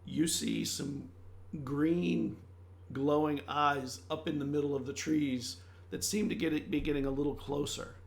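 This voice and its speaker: A man narrates a tabletop role-playing session as game master. His voice is a touch high and gravelly, and he feels his way through the description with frequent restarts. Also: measured pace. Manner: loose, searching narration with many restarts. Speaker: dungeon master.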